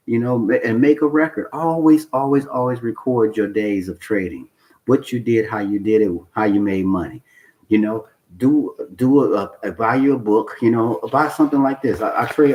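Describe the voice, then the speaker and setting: In a medium-pitched, slightly mellow voice, a trading channel host talks off the cuff to the camera over a low-quality recording with a little hiss or hum. He takes a coaching tone, bluntly repeating points, swearing for emphasis, and asking "okay?" and "you know why?"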